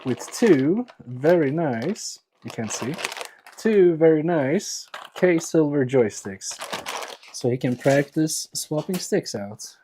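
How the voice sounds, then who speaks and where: A man's voice: on the high side, animated, slow pace, mellow, a little hiss or hum. A man hosting a live electronics repair stream, joking and muttering to himself as he works. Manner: joking, self-mocking, muttering while working on the repair. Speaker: livestream electronics repair host. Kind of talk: casual live-stream chat while working.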